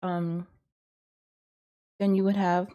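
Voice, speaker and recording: A course instructor teaches a casual lesson, thinking out loud in a rambling, hesitant way full of ums and self-corrections. Her lowish, mellow voice is flat and slow, and the sound is lo-fi.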